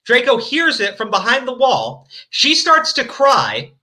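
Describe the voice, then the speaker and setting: A man's voice: extremely high pitch, wildly swooping pitch, a little slow, sharp tone. A man hosting a stream, reading fan fiction aloud with mocking, profane commentary. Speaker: stream host.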